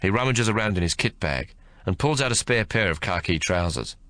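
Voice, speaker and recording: A composed army sergeant speaks in firm, measured orders, voiced by a male narrator. His tone is lifted and lively, and bright. The recording is close and dry. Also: sits low, no echo. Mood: commanding. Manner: calm, firm, barks orders.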